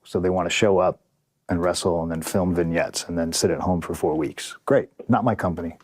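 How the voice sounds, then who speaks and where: A man's voice: low-pitched, steady tone, a little fast, darkish tone, no echo, studio quality. A man in a casual podcast interview, telling a story in a profane, vivid way and acting out what others said. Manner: profane, vivid, acts out dialogue. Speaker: podcast guest, pro wrestler.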